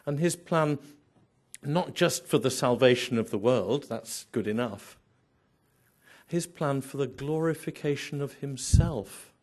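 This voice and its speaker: Slow, emphatic preacher. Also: male voice, mid-range voice, darkish tone. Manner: emphatic, builds through repeated phrases and rhetorical questions. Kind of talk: sermon.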